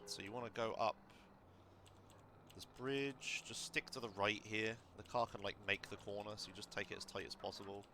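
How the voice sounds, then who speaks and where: A lowish, bright male voice, coaching a friend through a game in a relaxed, easygoing way. He gives steady step-by-step tips, peppered with fillers, over a faint hiss behind him. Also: normal speed. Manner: relaxed, instructive, many fillers. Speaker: streamer coaching a speedrun.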